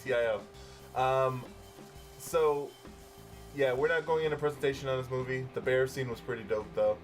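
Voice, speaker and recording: Relaxed, foul-mouthed male podcast host. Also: mid-range voice, normal speed, soft background music. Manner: relaxed, swears freely, many fillers. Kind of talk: casual movie review chat.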